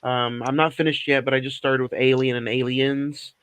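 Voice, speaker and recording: A man hosting a casual podcast chat, talking in a relaxed, rambling way with lots of fillers. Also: medium pitch, normal speed, smooth, dry recording. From Oklahoma area, USA. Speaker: podcast host.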